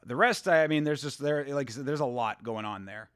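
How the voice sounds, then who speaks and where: A man's voice: medium pitch, clear, resonant tone, no room sound, studio quality. Blunt, casual male show host. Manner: casual, blunt, profane, halting restarts. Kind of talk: live commentary on clips.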